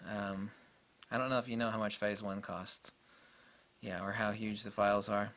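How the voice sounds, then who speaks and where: A man's voice: on the low side, flat delivery, moderate pace, fairly bright tone. A man giving a rambling, enthusiastic camera review in a casual way, full of fillers and restarts.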